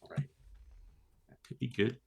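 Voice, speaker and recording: A man playing a tabletop game, describing his character's moves slowly and hesitantly. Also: soft background music. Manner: slow, hesitant, many fillers. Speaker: player. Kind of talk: tabletop role-play, casual.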